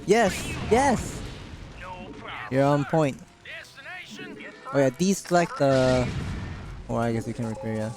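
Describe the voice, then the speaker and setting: A man with a Korean accent coaching a player live, giving brisk, directive instructions and chuckling between them. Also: mid-range voice, big pitch swings, music in the background.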